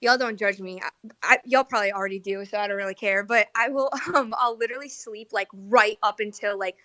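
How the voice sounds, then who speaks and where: A woman's voice: medium pitch, fairly quick, sharp tone, no room sound. Chatty young woman hosting a live chat. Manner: chatty, self-deprecating, lots of fillers. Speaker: host. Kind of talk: casual chat.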